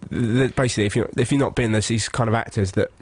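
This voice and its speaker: An English man on a radio show, launching into a comic anecdote and bouncing between his own voice and mock impressions. His tone is a little husky. The studio sound is dry and close. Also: medium pitch, fast talker, no room sound. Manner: animated, acts out people in funny voices. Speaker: radio co-host. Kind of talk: excitable comic storytelling.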